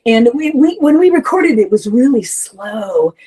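A woman singer talking candidly in a casual interview, swearing freely and breaking into animated asides. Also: fairly high pitch, moderate pace, husky, low-quality recording. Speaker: heavy metal vocalist, interview guest.

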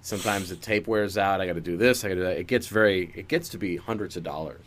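A man's voice: low voice, fast talker. A man in casual comedic chat, riffing improvised bits and swearing freely. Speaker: podcast co-host.

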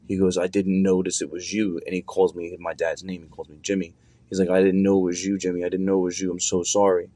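A man's voice: sits low, a little mellow, dry recording. A young adult man casually telling a long personal story, rambling and swearing with many fillers and restarts.

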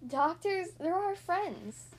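A woman voicing a gentle, reassuring mother cat in a children's storybook reading. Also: very high-pitched, very animated, slow pace, voice pushed up, full character voice. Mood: soothing. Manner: soothing.

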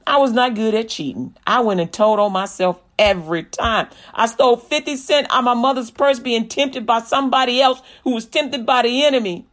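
A middle-aged woman with a high voice preaches with comic storytelling. She acts out little exchanges and repeats key lines for emphasis. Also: fairly quick, few pauses, fairly bright tone. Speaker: comedian and Christian speaker.

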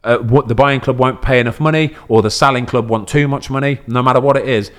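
Man telling animated football stories. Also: mid-range voice, fast, clean tone. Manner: animated storyteller, leans on "you know what I mean". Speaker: podcast host, professional footballer. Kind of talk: casual podcast chat.

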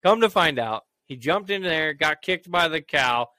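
Brief: lively young man spinning a profane story, bright tone, dry close sound. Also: fairly high pitch, normal speed, dry recording. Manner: animated, profane storytelling that acts out raised voices. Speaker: storyteller in a casual conversation. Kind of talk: casual chat.

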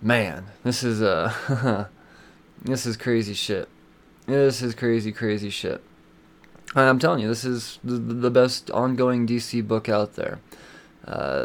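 A man hosting a podcast, casually reviewing comic books in a rambling, excitable way, with lots of fillers and swearing. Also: lowish voice. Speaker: podcast host.

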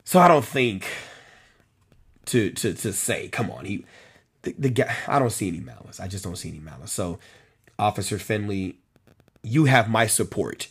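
A man talks through a live stream, reading viewer comments aloud and answering them one by one. His voice is husky and his pitch moves a lot as he makes his points. He keeps circling back to the same phrase to press it home. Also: lively intonation, measured pace, pauses often. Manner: conversational, repeats phrases for emphasis, addresses commenters by name. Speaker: host of a policing talk show.

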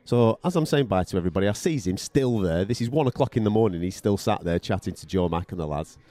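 Deep-voiced blunt male storyteller. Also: lively intonation, fast, mellow, no echo. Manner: profane, blunt storyteller who acts out quoted voices. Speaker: podcast co-host and radio boxing commentator. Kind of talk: casual anecdote-telling chat.

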